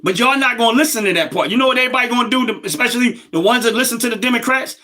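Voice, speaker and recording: A man's voice: very high-pitched, rapid-fire, pushed and bright. A middle-aged man, hosting a casual livestream and talking emphatically straight to his viewers. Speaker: livestream host.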